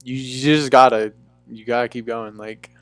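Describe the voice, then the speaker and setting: A man's voice: medium pitch, steady tone, normal speed, soft background music. A young man from Bermuda with a mixed, faintly English-tinged neutral accent, chatting casually and rambling on a live stream, swearing freely.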